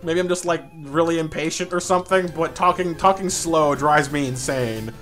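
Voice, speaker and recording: Guy streaming a game, fast and stuttery, kinda high voice, music playing faint behind him. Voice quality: stutters and repeats words. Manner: fast, excitable, reads chat aloud; laughs often and playful. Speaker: live streamer. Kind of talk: casual live-stream chat.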